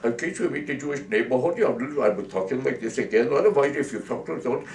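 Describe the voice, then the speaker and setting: A man's voice: medium pitch, animated, fast, a little mellow, natural voice. A man putting on a woman politician chattering to a cab driver in a fake mock accent. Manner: chattering, repetitive. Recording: roomy, distant mic, faint hiss.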